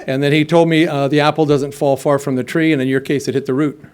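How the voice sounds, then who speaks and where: A man's voice: on the high side, flat delivery, fast, darkish tone. A middle-aged man telling his own recovery story at a meeting, rambling with many fillers and restarts. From United States. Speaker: AA meeting speaker.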